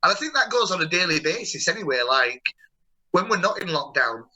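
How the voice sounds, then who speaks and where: Young male host, bright tense tone, rambling conversational storyteller. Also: sits high, big pitch swings, brisk, poor audio. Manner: chatty, rambling, warm storytelling with many restarts. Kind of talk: casual video-call chat.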